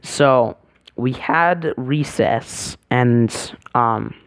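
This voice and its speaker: A man's voice: mid-range voice, drawn-out words, no room sound, studio quality. A man casually telling a vlog story, rambling and hesitant, full of fillers and self-corrections. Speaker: vlogger.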